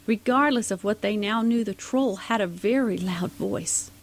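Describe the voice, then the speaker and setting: A woman's voice: medium pitch, normal speed, low-quality recording. A woman narrating a rhyming storybook poem in a sing-song delivery.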